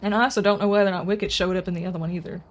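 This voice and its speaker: A woman's voice: medium pitch, steady tone, racing. Chatty woman streamer. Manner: rambling, chatty, answers viewers' comments. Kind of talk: casual live-stream chat.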